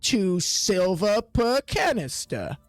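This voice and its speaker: A man voicing a grumpy, impatient male dairy shopkeeper who barks his lines gruffly. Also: high-pitched, sing-song, slow pace, no room sound, faint music behind, heavily acted.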